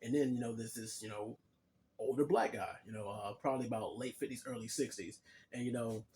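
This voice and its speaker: A man's voice: medium pitch, steady tone, fairly quick, a little mellow. Young adult male vlogger with a mid-range voice and an easygoing, rambling delivery full of fillers; faint room noise underneath. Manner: laid-back and chatty, full of "like" and "you know"; addresses viewers directly. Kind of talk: casual storytelling monologue.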